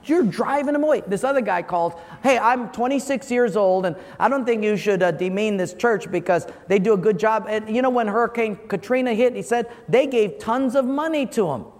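Pastor, male, very high voice, animated storytelling sermon; big hall reverb. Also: fairly quick, few pauses. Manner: animated, acts out quoted callers. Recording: long hall reverb, faint room noise.

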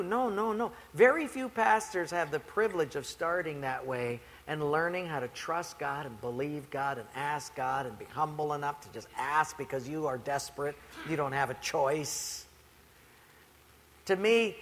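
A male pastor preaching a sermon in a church with lively, humorous storytelling. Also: on the high side. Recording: reverberant church hall.

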